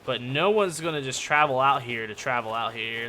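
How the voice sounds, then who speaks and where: A man's voice: medium pitch, normal speed, few pauses, sharp tone, slight background noise. A man giving casual, joking gaming commentary, rambling and yelping when startled. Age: adult. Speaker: gaming YouTuber.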